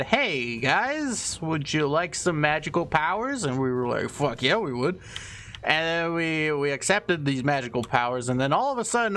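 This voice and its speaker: A man's voice: medium pitch, fairly bright tone. A young man explaining a story in a loose, irreverent, casual way, swearing freely and filling gaps with fillers. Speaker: video host.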